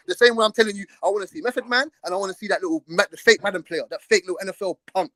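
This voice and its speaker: A man's voice: high voice, quick pace, a bit bright, dry recording. A young man, hosting a live stream and trading brash, profane trash talk in a heated argument.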